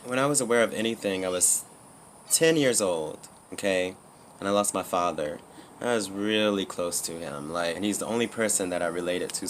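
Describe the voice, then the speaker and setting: A man with a very low, deep voice talks candidly to camera in a casual personal vlog. He rambles, restarts and fills gaps with "um" and "like." A faint air conditioning hum sits under his voice in an indoor room. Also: a bit bright. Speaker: YouTuber.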